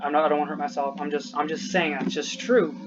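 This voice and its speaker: A man's voice: a little high, steady tone, quick pace, dull audio, very noisy. A man venting to the camera, short of breath, frustrated and rambling, swearing often and trailing off mid-sentence.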